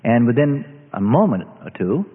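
A middle-aged man preaching a testimony sermon, earnest storytelling that drops low and hushed at tense moments. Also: sing-song, moderate pace, breathy edge. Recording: tinny lo-fi recording in a reverberant hall.

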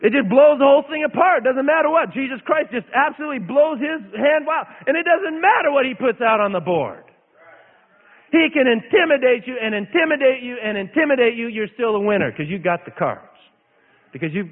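Lively high-voiced preacher, tinny and echoey. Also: male voice, brisk. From Idaho, USA. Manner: animated, dramatic storytelling with repetition. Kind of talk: sermon with storytelling.

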